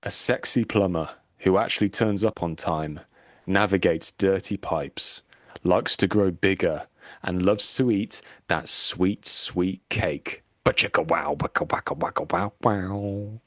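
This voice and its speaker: Man doing a suggestive low narrator voice for a racy tape blurb, slow and dry. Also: fairly bright tone, dry recording. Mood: sultry, teasing. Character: sultry male narrator of an adult video blurb.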